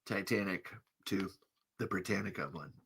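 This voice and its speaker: A man's voice: sits low, normal speed, creaky, a bit bright, slightly rough. A man hosting a podcast in casual, rambling chat, laughing often and jumping between tangents. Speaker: podcast host.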